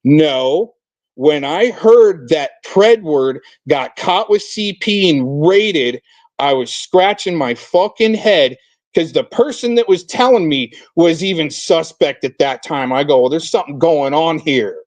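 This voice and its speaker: A man's voice: on the high side, animated, slow, no room sound. A man hosting a livestream, ranting and hurling profane insults. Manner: profane, shouting insults, aggressive. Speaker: stream host. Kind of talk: heated livestream rant.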